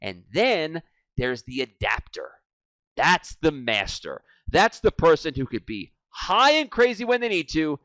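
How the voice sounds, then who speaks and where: A man in his forties teaching sales, energetic and animated, swinging from loud and hyped to low and quiet. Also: measured pace, no room sound. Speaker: sales trainer. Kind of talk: energetic training talk. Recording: dry, slightly dull lo-fi sound.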